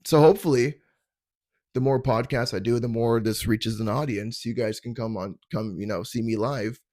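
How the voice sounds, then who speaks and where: A man's voice: mid-range voice, moderate pace, a little mellow, no echo, clean studio sound. A young adult man from Canada hosting a comedy podcast from his parents' basement, telling stories in a rambling, self-deprecating way and stumbling over his words. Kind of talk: casual comedic storytelling.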